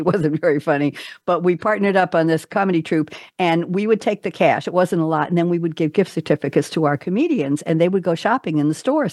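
A woman's voice: deep voice, a little mellow, no room sound, studio quality. A woman hosting a radio talk show, chatty and laughing often as she tells stories about her stand-up days. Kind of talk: casual interview chat.

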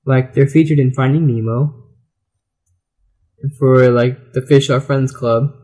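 A man's voice: medium pitch, fairly even intonation, slow pace, warm tone, slight background noise. A man hosting a kids' radio show, chatting loosely and rambling, with frequent "like"s. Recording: roomy echo.

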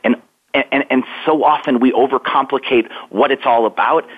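A man in his forties, a guest author, telling a story in an earnest, reflective way and slowing down for emphasis. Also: medium pitch, fairly even intonation, husky. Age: 40s. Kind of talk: storytelling interview answer. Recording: tinny phone line.

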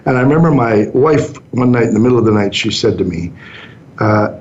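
A man's voice: medium pitch, lively intonation, fairly quick, a little mellow. A man in his sixties, a business owner and interview guest, telling stories in an easygoing way and acting out the lines he quotes. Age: 60s. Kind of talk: storytelling interview answers. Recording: dull muffled sound.

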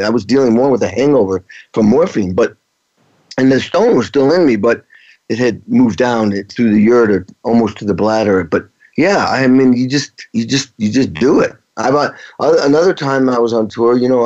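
A man's voice: medium pitch, darkish tone. A middle-aged man, a touring rock drummer, telling anecdotes in a casual interview, rambling with frequent restarts. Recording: dull lo-fi sound.

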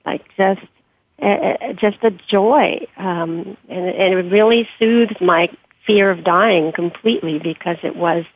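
Husky woman reading her memoir by phone. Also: medium pitch, takes it slowly. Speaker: author and interview guest. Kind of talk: reading her memoir aloud, then interview answers. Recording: dry tinny phone-like line.

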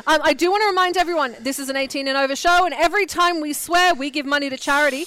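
A woman's voice: high-pitched, fast talker, sharp tone, no room sound. An Australian woman co-hosting a casual talk show, teasing and laughing often. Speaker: podcast co-host. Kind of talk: casual chat.

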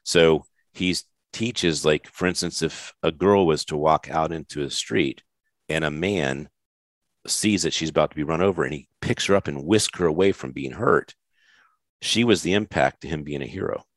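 A man's voice: extremely low pitch, moderate pace, no room sound, studio quality. A man hosting a podcast interview, talking in a rambling, effusive, jokey way. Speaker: podcast host. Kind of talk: casual interview chat.

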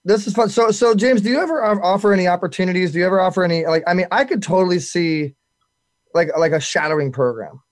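Fast-talking excitable male talk host. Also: high-pitched, dry recording. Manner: fast, excitable, repeats words when starting. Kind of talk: casual talk show chat.

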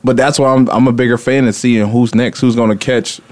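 Fast-talking easygoing man. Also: mid-range voice, fairly even intonation, a little mellow. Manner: quick, easygoing, laughs often. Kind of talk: casual sports talk.

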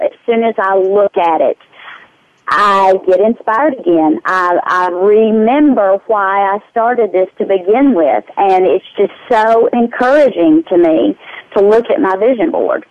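A woman's voice: mid-range voice, no echo, lo-fi sound. A woman answering interview questions in an earnest, candid way. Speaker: interview guest.

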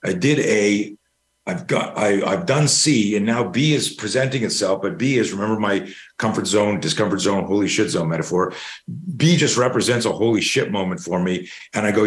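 A middle-aged man appears as a guest discussing fear management, his voice sitting on the low side with lively intonation at a normal speed. He tells a long personal story in an interview, rambling casually through anecdotes and swearing now and then.

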